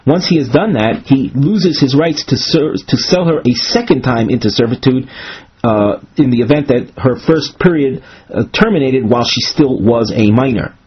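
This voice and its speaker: A man teaching a Gemara lesson in a measured, explanatory way, pausing and restarting, with Ashkenazi Hebrew pronunciation of the Hebrew terms. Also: mid-range voice, breathy edge. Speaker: Talmud teacher. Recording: dull lo-fi recording.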